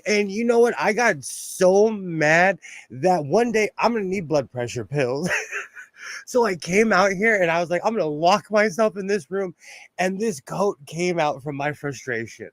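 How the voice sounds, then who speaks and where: Chatty man with a higher voice. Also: sing-song, a little slow, no room sound. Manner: chatty, laughs often, rambling asides. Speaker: sewing livestream host. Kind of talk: casual live-stream chat. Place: home sewing room. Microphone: phone close by.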